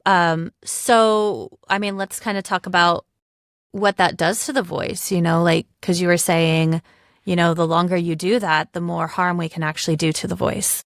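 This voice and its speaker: This is a woman who co-hosts a podcast and works as a speech therapist. She talks casually and fills her speech with small filler words. Her voice is fairly low and sounds dry and close. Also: fairly even intonation, normal speed, no room sound. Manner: chatty, with many fillers. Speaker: speech-language pathologist and podcast co-host. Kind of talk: casual chat.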